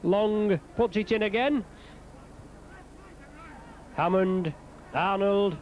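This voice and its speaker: A high-pitched man with a darkish tone gives play-by-play of a rugby league match outdoors. He spits out player names in rapid bursts, lifts his voice at scoring moments, and slight background noise can be heard.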